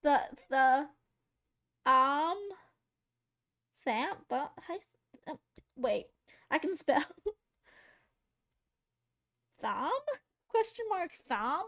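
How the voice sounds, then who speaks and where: A woman's voice: sits high, expressive, extremely slow, pauses often, a bit bright. A woman streamer chatting casually to her viewers while drawing, rambling, giggly and poking fun at herself. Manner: rambling, giggly, self-mocking, talking to chat.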